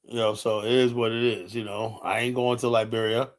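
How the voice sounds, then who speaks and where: A man's voice: fairly low pitch, flat delivery, a little fast. Man, live streamer, confrontational and profane, casual heated talk with filler-heavy delivery. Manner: fillers like "you know" throughout.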